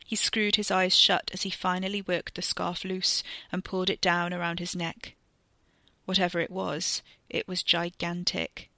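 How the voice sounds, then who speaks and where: A woman reading a serialized story aloud with expressive, tense narration. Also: on the low side, moderate pace, no echo. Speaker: reader.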